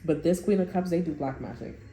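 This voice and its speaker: Low-voiced woman giving a blunt tarot reading. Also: brisk, warm tone, a little hiss or hum. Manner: blunt, swears, quotes people in raised voice. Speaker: tarot reader. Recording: roomy sound with faint music.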